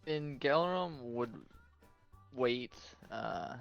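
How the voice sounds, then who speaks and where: A man playing a tabletop game, speaking slowly and hesitantly through his character's choices. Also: mid-range voice, vocal fry, highs cut off, soft background music. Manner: slow, hesitant, measured. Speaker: player.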